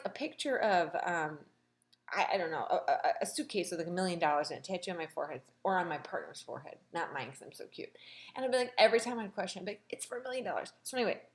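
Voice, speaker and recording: A woman hosting a casual, gossipy recap of a reality show, sassy and animated. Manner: animated, gossipy and sassy, with big pitch swings.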